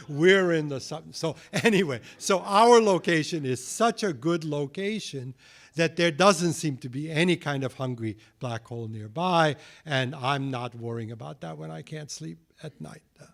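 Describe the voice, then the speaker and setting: A man's voice: on the high side, a bit bright. Joking man giving a science lecture. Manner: joking, wry asides. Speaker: guest lecturer.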